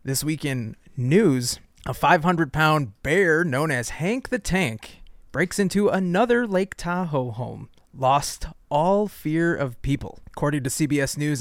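A man's voice: a little high, no room sound. Chatty laughing man, dry studio sound. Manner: chatty, laughs often, reads news items aloud. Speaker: podcast co-host. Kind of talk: casual comedy podcast chat.

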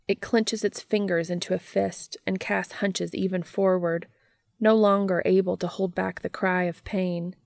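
A woman reads a fan fiction story aloud at a slow, unhurried pace. Her low voice carries a gravelly fry, and the recording is close and dry. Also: fairly even intonation, darkish tone, no echo. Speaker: narrator.

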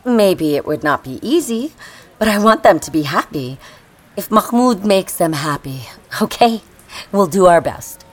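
A woman speaking as a parent in a discussion, earnest and gentle. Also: fairly low pitch, big pitch swings, a little slow.

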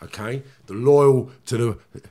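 A man's voice: mid-range voice, takes it slowly, mellow. A man, a guest in an interview, telling his story intensely, repeating himself, blunt and swearing. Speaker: guest, former criminal.

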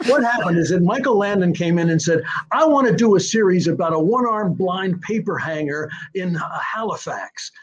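A man's voice: high voice, lively intonation, moderate pace, hardly any pauses, slight background noise. An older man, a screenwriter guest, tells stories in a rambling way, with many fillers and restarts, and sometimes taps out a rhythm aloud. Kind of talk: anecdotal storytelling interview. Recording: dull lo-fi sound.

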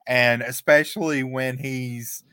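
A man co-hosting a podcast, recapping events play by play in a relaxed, chatty way and chuckling often. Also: medium pitch, slow pace, clear, resonant tone, no echo. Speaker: podcast co-host. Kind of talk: casual recap chat.

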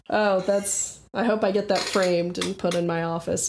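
A woman's voice: fairly low pitch, fairly even intonation, unhurried, creaky, hardly any pauses, background noise. A woman who is the game master, chattily narrating a scene in a tabletop game. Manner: chatty, descriptive, with fillers and restarts.

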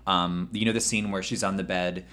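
Chatty gay podcast host, low voice. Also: male voice, steady tone, moderate pace, fairly bright tone. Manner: chatty, lots of likes and ums. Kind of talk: casual chat.

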